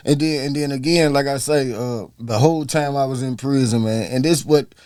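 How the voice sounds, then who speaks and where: A middle-aged man with a drawl talks loosely as a podcast guest, full of slang and repeated phrases. He keeps dropping "man" into his sentences. His voice sits at an ordinary pitch in a dry, close setting. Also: normal speed, darkish tone, no room sound. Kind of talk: casual chat.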